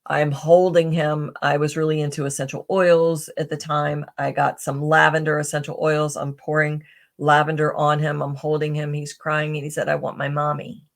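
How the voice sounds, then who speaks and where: A woman's voice: sits low, level tone, moderate pace. A middle-aged woman, a podcast guest, telling personal stories in a chatty way with many fillers, restarts and a tag "right?". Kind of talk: casual interview storytelling.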